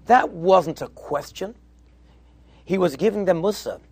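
A man's voice: high voice, expressive, measured pace, breathy edge, dry recording. A man, a rabbi, giving a sermon to yeshiva students, telling stories and acting out their dialogue, with Hebrew and Yiddish terms mixed in. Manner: storytelling, acting out dialogue in quotes.

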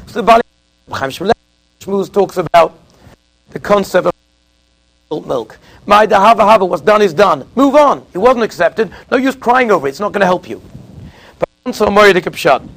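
Guy giving a torah talk, high gravelly voice, acts out the people in his stories. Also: low-quality recording. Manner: storytelling, acts out quoted speakers. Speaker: rabbi. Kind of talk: Torah lecture.

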